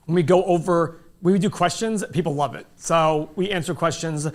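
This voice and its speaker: High-voiced animated man telling stories. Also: brisk. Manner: animated storyteller, acts out dialogue. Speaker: stock market show host. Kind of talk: casual livestream chat.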